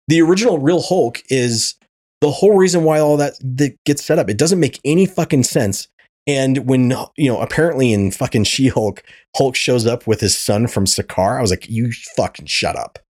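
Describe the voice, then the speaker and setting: Male podcast host, casual rant, profane, stammers and restarts, mid pitch. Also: moderate pace, darkish tone. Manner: ranting, profane, repeats words often. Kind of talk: casual chat.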